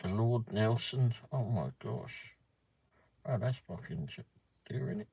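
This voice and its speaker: A man's voice: medium pitch, measured pace, vocal fry, husky, no echo. A man hosting a casual livestream, reading a pub menu aloud with muttered asides and the odd swear word. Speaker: livestream host.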